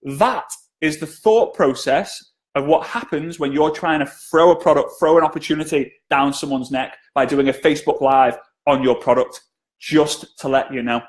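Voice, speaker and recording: A man's voice: a little high, moderate pace. A man giving a live-streamed sales training talk, chatty and jokey, often asking viewers to comment.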